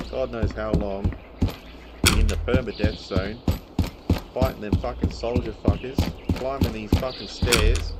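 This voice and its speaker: A young man streaming a game live, swearing and ranting in exasperation about poor loot. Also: on the low side. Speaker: gaming streamer. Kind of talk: live gameplay commentary. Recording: loud game sounds behind.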